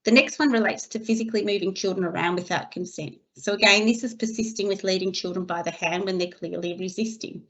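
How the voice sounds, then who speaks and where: Measured woman reading a webinar. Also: mid-range voice. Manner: steady, measured, reading from slides. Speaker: early childhood educator trainer. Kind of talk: scripted webinar narration. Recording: slightly dull lo-fi recording.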